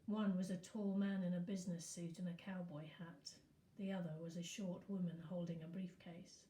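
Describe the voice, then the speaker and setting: A woman teacher reading a novel aloud in a steady storytelling manner. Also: lowish voice, normal speed, a little hiss or hum. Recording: echoey room.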